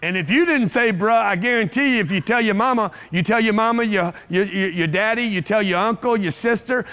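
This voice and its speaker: High-pitched guy hyping up a seminar crowd, blunt, swears a lot, keeps asking questions. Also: fairly quick, hardly any pauses, fairly bright tone, slight background noise. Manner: brash, blunt and profane, with repeated rhetorical questions. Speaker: motivational speaker. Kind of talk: live seminar talk to an audience. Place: event room with a live audience.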